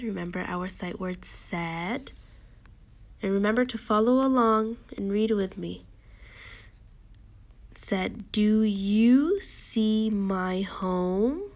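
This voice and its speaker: A woman's voice: mid-range voice, gravelly. A woman teacher reading a picture book with a young child, patiently explaining each step.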